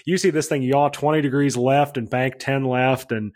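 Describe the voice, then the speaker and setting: A man's voice: medium pitch, steady tone, normal speed, darkish tone. A man telling a story about flying, casual and blunt, swearing freely and acting out radio calls. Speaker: aerobatic pilot guest.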